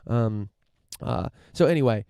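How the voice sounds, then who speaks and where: A man's voice: mid-range voice, expressive, unhurried, vocal fry, warm tone, clear, resonant tone, no echo, studio quality. A podcast host from the United States, a man riffing through a casual opinion monologue, rambling with lots of fillers, restarts and casual swearing.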